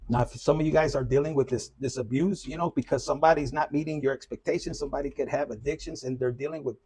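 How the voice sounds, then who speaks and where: A man's voice: mid-range voice, mellow, husky. A man giving a loose, profane, casual collective tarot reading. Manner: loose and profane, with Spanish slang mixed in. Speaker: tarot reader.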